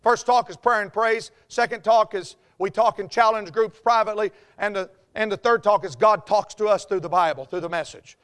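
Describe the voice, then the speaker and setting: A man's voice: high-pitched, normal speed, hardly any pauses, a bit bright, clear, resonant tone. A middle-aged man from the North Carolina mountains, preaching a sermon with an Appalachian accent and exuberant storytelling. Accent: Southern US Appalachian. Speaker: pastor.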